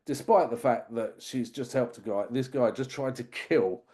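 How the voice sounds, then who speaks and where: A podcast co-host casually chats about a film, retelling it with amused, rambling asides as part of a laid-back review. His medium-pitched voice is warm and moves at a normal speed.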